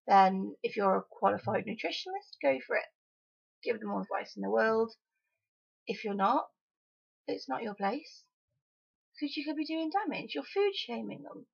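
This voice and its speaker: A young woman from Wales speaks her mind in a casual vlog, frank and emphatic with an edge of exasperation. Her fairly high voice carries a husky, gravelly fry. The home recording sounds dull and lo-fi. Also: animated, normal speed, pauses often. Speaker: vlogger.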